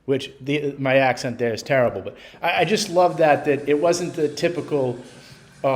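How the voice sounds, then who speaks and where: A man's voice: mid-range voice, moderate pace. A man giving an enthusiastic, chatty walkthrough of a car dealership showroom. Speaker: car vlogger. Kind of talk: casual walkthrough narration.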